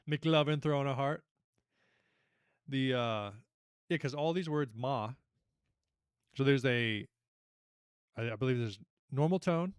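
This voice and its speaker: A young man hosting a casual online trivia night, chatty and animated as he reads out questions and reacts to the players. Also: medium pitch, no room sound, studio quality. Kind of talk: casual livestream quiz hosting.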